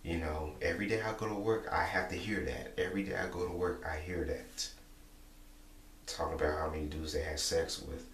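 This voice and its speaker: Deep-voiced man rambling in an echoey room. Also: steady tone, a little fast, a bit bright. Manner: repetitive, rambling, many "you know" fillers. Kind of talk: casual monologue vlog. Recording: echoey room, distant mic, faint hum.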